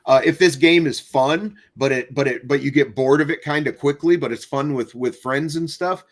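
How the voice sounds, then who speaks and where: Gaming podcast co-host, male, relaxed and rambling, mid-range voice. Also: mid-range voice, normal speed. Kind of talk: casual gaming chat.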